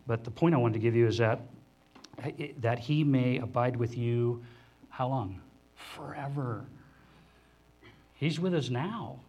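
A man preaching a sermon to a congregation in a conversational, animated way, often acting out the voices of others. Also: normal speed, lo-fi sound. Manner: animated, acts out the disciples' voices in higher pitch; conversational, with restarts and asides to the congregation. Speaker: pastor. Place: church hall before a congregation.

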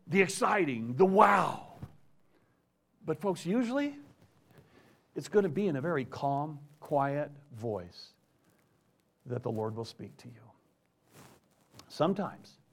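A man preaching a conversational sermon, reading scripture aloud and dropping to hushed asides. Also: a little high. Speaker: pastor.

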